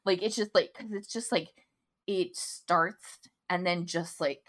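A woman in her thirties with a fairly low voice co-hosts a casual podcast. She chats in long, rambling run-on stretches, piling one thought onto the next. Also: steady tone, unhurried. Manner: chatty, run-on storytelling. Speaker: podcast co-host. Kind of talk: casual chat.

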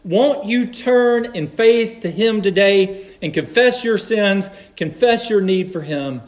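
Slow, high-voiced man preaching a sermon. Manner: earnest, measured preaching with emphatic pauses.

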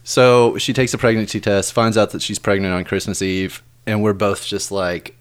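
A man on a podcast, casually telling an anecdote and dropping quietly into quoted reactions. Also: lowish voice, fairly even intonation, moderate pace, clean tone. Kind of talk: casual chat.

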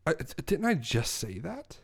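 A man with a gravelly, fry-edged voice, delivering improvised comedy in a deadpan way. He stumbles through his lines on purpose as a bumbling courtroom lawyer, sounding casual and dry. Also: fairly high pitch, normal speed. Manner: deadpan, plays a fumbling mock lawyer. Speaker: comedy podcast co-host.

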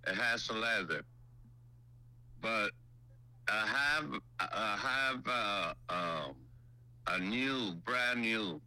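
A man selling a used car over the phone, halting and hesitant with many fillers. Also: fairly low pitch, pushed and bright. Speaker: car seller on a phone call. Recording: phone call on speaker.

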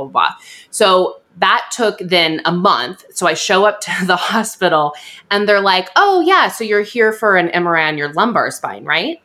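A young woman hosting a podcast, telling a story in a chatty, animated way and acting out what others said. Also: on the low side. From USA. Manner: chatty, animated, acts out quoted voices. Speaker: podcast host. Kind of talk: casual storytelling chat.

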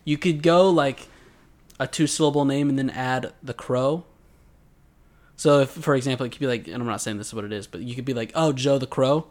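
A man co-hosting a casual podcast about an anime, talking in an animated, sarcastic way. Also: mid-range voice, fairly quick. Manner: animated, sarcastic, acts out quoted lines. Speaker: podcast co-host. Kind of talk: casual anime recap chat.

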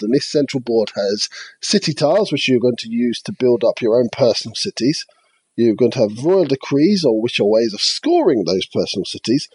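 Husky-voiced man explaining a game. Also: mid-range voice, darkish tone, no room sound. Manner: methodical, walks through game rules step by step. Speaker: podcast co-host. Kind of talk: casual chat reviewing board games.

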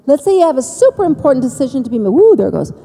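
A woman telling her personal faith story to an audience, with dramatic pauses and emphasis. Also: high-pitched, sing-song, vocal fry, warm tone, breathy edge, big-room sound. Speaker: speaker giving faith testimony. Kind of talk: personal testimony speech.

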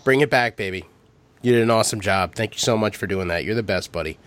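A man with a fairly low voice hosts a loose podcast chat. He tells crude stories, swears freely and laughs as he goes. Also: quick pace, a bit bright. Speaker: podcast host. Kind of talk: casual chat.

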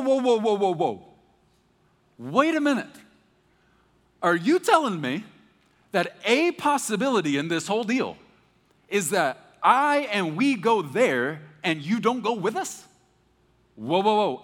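A man voicing an exasperated, emphatic man who pleads loudly with God and repeats himself. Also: high voice, voice pushed up, full character voice. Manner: loud, animated, repeats himself. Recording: echoey hall.

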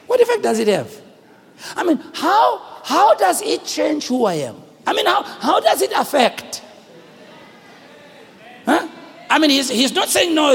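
Husky high-voiced South African preacher. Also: male voice. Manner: animated, shouts at peaks, joking with the congregation. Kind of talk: sermon. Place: church hall with congregation. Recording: long echoing hall reverb.

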